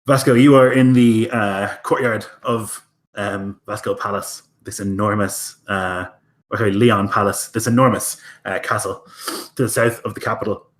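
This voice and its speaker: A man's voice: on the low side, fairly even intonation, moderate pace, fairly bright tone. Casual game-master man, full of fillers. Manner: casual, many fillers, profane. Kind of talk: improvised tabletop narration.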